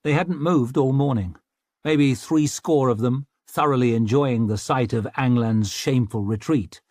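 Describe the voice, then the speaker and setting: Reading an audiobook from a script, a man tells the story evenly and with measure in a mid-range voice. The sound is clean studio quality and dry.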